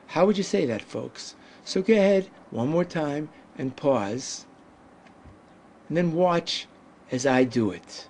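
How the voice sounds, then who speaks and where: A man teaching a Hebrew lesson, speaking deliberately and pausing to let learners answer. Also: on the high side, animated, a little mellow, a little hiss or hum. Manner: deliberate, drawn-out pronunciation with pauses. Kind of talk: slow, patient language lesson.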